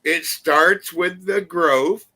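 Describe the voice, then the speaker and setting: A man in a casual group chat, telling his story in an earnest, unhurried way. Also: a little high, over a noisy crowd. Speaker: live chat panelist.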